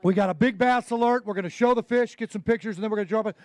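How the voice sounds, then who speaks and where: A high-pitched man emcees a live fishing tournament weigh-in on an outdoor stage, firing off loud call-outs and quick jokes to hype the crowd. Heard through a handheld mic, his voice is dry and close.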